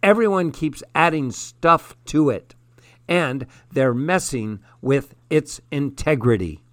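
A man's voice: on the high side, lively intonation, slow, a bit bright, no room sound. A man voicing a prickly woman in her thirties who is protective of her cooking, in an audiobook. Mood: irritated. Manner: prickly, insistent. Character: woman in her thirties, fussy cook, irritated.

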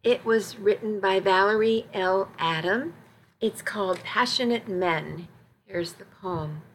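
A woman volunteer reading magazine stories and poems aloud on the radio, careful and unhurried, with small slips she corrects. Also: medium pitch, slight background noise, low-quality recording.

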